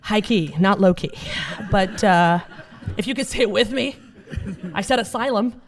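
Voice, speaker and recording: A woman's voice: medium pitch, normal speed, crowd noise. A woman in her thirties with an American accent that sounds like Connecticut, whose first language is Arabic, telling a comic personal story to a live audience with a playful, self-mocking delivery and frequent laughter at her own jokes. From United States (Alabama). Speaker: storyteller on stage. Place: event stage with live audience. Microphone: handheld microphone.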